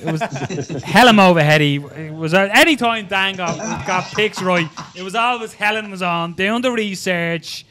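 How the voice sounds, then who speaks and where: A man's voice: high voice, a little slow, sharp tone, slight background noise. A man with an Irish accent hosting a podcast, swapping stories in casual chat with frequent laughs and fillers. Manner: laughing, storytelling, hesitant fillers. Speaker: podcast host.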